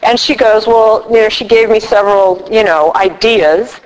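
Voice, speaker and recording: A middle-aged woman giving a recovery workshop talk, an animated storyteller who acts out both sides of her conversations. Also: mid-range voice, moderate pace. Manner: animated storyteller acting out dialogue. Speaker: workshop speaker. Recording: reverberant hall.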